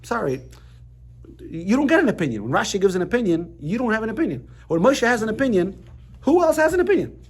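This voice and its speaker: A man teaching a lively class, switching quickly between explanation and jokes. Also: high-pitched, husky. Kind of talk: animated class lesson.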